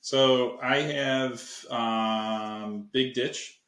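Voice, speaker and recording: A man's voice: mid-range voice, steady tone, drawn-out words, fairly bright tone, roomy sound. A man from Buffalo, New York, a podcast guest speaking casually and hesitantly with many fillers. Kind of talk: casual chat.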